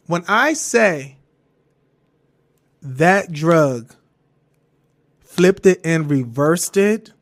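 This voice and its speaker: Animated man telling a personal story. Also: very slow, long pauses. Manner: animated, jumps to high falsetto when quoting himself; swears freely, laughs through the story. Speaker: podcast host.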